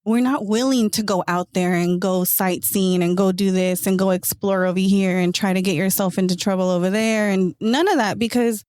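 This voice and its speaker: Animated woman host, dry close sound. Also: mid-range voice, moderate pace, hardly any pauses, no echo. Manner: animated storyteller, acts out friends' quotes. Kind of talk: casual conversational chat.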